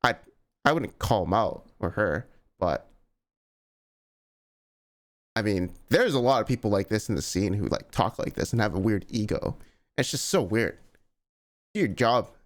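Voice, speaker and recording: A man's voice: fairly low pitch, lively intonation, unhurried, long pauses. A man giving casual, blunt reaction commentary as a gaming YouTuber, with lots of "like" and exasperated asides.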